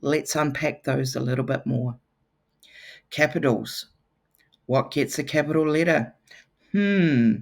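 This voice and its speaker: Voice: medium pitch, fairly even intonation, measured pace, creaky, pauses often. A teacher gives a lesson to children, with playful, teasing asides.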